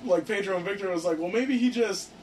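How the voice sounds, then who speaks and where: A young man casually telling a story to friends, excited and profane, filling his talk with "like". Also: high voice, quick pace. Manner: excited, profane, heavy use of "like". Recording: distant mic with faint background noise.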